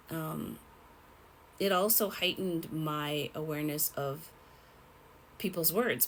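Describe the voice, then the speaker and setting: A young woman telling a personal story in a rambling, halting way, with many fillers and restarts. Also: sits low, slight background noise, low-quality recording. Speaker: vlogger.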